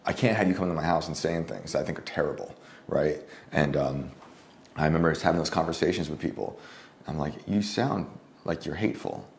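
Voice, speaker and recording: A man guest telling a story in casual conversation at a home lunch table, rambling with many fillers and often clearing his throat. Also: rumbling low, fast, a little hiss or hum. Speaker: guest journalist.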